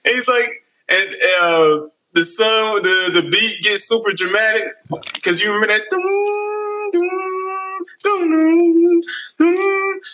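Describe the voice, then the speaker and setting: A man's voice: high voice, sharp tone, a little hiss or hum, rough recording. A man in a casual chat, loose and slangy, laughing as he tells stories.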